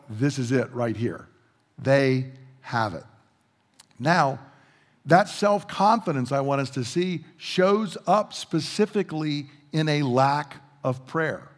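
A male pastor preaching a sermon, animated, acting out quotes and asking rhetorical questions in a church sanctuary. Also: fairly high pitch. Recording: long reverb of a large hall.

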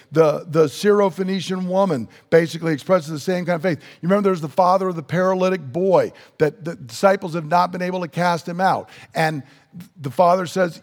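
A man preaching a sermon in an earnest, emphatic way, slowing down to stress key words. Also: high voice, in a large hall.

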